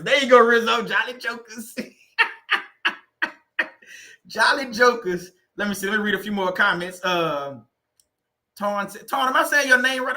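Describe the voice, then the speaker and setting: Guy on a livestream, high bright voice, laughs a lot, reads comments out. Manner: laughs often, reads chat comments aloud. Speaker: livestream host. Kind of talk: casual livestream chat.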